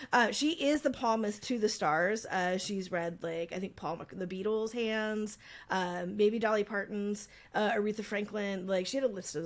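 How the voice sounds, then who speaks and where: A woman co-hosting a podcast, telling a travel story in casual, filler-filled chat. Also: medium pitch. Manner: chatty storytelling, frequent fillers. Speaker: podcast co-host.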